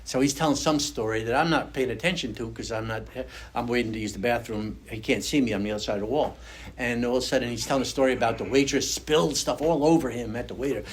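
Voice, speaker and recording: An older man gives an earnest, conversational personal testimony to an audience in a recovery meeting room, acting out quoted voices. He has a mid-range voice and a quick pace.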